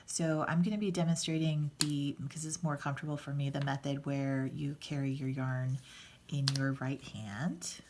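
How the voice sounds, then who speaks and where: A woman's voice: extremely low pitch, level tone, normal speed, darkish tone, a little hiss or hum. A woman teaching a casual hands-on knitting tutorial, patient and chatty, with fillers and restarts as she explains each step. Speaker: knitting instructor.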